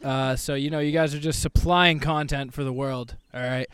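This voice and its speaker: A man hosting a casual podcast outdoors, wrapping up the episode briskly with laughs and some cursing. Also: mid-range voice, fairly even intonation, fairly bright tone, smooth. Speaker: podcast host.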